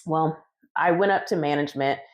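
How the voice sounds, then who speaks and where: A woman's voice: deep voice, fairly quick. A woman who bakes cakes, recounting her story casually in a conversational vlog. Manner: casual, conversational, retelling dialogue. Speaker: home cake baker telling her story.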